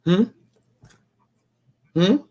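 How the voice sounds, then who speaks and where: On his own YouTube show, a man rants at the camera in a drawn-out, mellow voice. He taunts and repeats himself while demanding money he claims he's owed.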